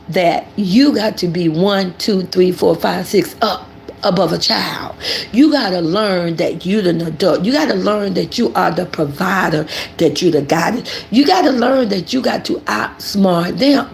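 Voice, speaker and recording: An older woman hosting casual livestream commentary, animated and preachy, talking about herself in the third person. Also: mid-range voice, vocal fry, a little hiss or hum. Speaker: commentary channel host.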